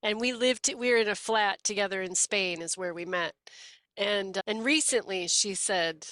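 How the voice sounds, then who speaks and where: Bright-voiced chatty woman, podcast co-host. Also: medium pitch, normal speed, no echo. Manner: lively, chatty, playful, does quoted voices. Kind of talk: casual conversational interview.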